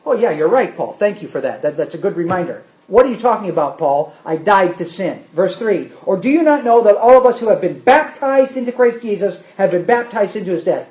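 Preacher, male, emphatic, animated delivery, muffled lo-fi recording. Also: high voice, fairly quick, hardly any pauses, reverberant. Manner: emphatic, asks the congregation rhetorical questions. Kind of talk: sermon. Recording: dull lo-fi sermon recording.

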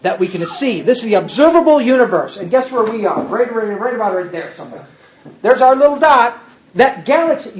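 Preacher, folksy sermon with slides, animated pitch, dull lo-fi recording. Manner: folksy, talks to the congregation as "folks"; pointing at pictures while explaining.

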